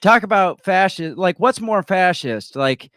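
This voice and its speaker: Brief: man, fairly high voice, animated and mocking, dry close sound, hosting a live stream chat. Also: measured pace, no room sound. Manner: animated, mocking, mimics others in put-on voices. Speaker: host. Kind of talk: casual political chat.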